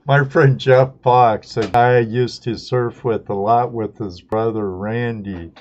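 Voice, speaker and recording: A man's voice: medium pitch, fairly even intonation, slow, darkish tone. A middle-aged man from Southern California, hosting a live stream and rambling through stories, laughing at himself. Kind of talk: casual chat. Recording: dull lo-fi stream audio.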